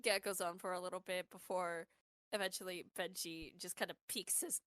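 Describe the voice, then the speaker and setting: A woman playing a tabletop game, narrating her character's actions with animated storytelling. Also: fairly low pitch, brisk, no room sound. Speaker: player. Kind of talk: tabletop role-play chat.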